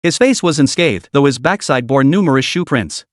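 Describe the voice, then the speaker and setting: A man reading a comic story aloud as the narrator, in a steady scripted delivery. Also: mid-range voice, normal speed, no echo, clean studio sound.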